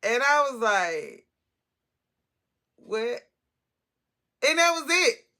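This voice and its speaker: A woman in her forties telling a casual storytime vlog, animated, talkative and blunt, with salty language. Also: high-pitched, a little slow.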